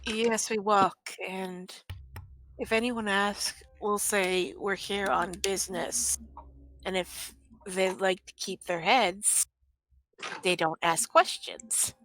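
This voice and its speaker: A woman's voice: mid-range voice, fairly even intonation, slow, fairly bright tone. A woman player in a tabletop game, blunt and matter-of-fact.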